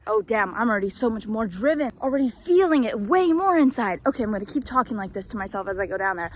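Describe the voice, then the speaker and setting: A young woman outdoors on a hill, giving herself a blunt, energetic pep talk while out of breath from running. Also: on the high side, fast talker, few pauses, a little hiss or hum. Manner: energetic, blunt and self-motivating. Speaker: vlogger. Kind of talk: self pep talk to camera. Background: background music.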